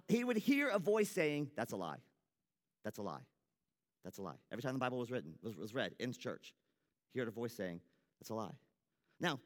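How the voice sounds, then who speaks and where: A man preaching a sermon as a church pastor, earnest and conversational, often restarting his sentences. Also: sits high. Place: church sanctuary. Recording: long hall reverb.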